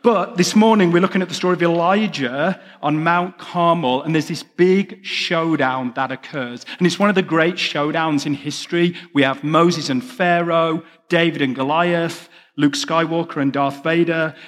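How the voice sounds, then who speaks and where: A man's voice: fairly high pitch, big-room sound. A man with an English accent, a pastor preaching a sermon with chatty, self-deprecating asides. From England.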